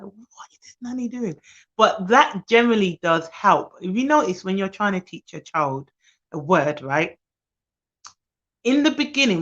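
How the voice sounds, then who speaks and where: A woman who works as a nanny gives chatty, fast-talking advice on a live stream while tired. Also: fairly low pitch, muffled recording.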